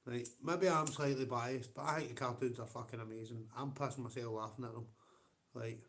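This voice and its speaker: A Scottish man hosts a late-night livestream, chatting casually with viewers and swearing at nearly every turn. His voice is middling in pitch for a man, fairly even in intonation, a bit bright and a little fast. He rambles from topic to topic and laughs often.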